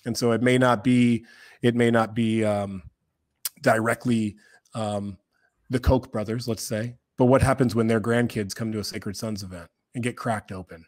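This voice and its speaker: A man as a podcast guest, talking earnestly and with passion, slowing down to repeat his key points with emphasis. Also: fairly low pitch, steady tone, a little mellow, no room sound, studio quality. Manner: impassioned, preacher-like, with emphatic slow repeats. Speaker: podcast guest, men's group co-founder.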